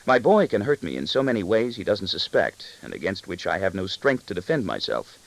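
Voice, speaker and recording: A man narrating a novel aloud in the first person, with an expressive, brooding delivery. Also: low-pitched, brisk, vocal fry, poor audio. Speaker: audiobook narrator.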